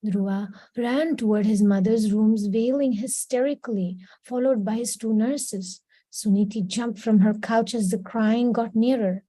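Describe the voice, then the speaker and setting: Woman storyteller for a class reading; dark, warm tone, dry close sound. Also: on the high side, steady tone, measured pace, few pauses, no echo, poor audio. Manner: reads steadily, slips into brief quoted voices. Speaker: class reader. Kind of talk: storybook read-aloud with character voices.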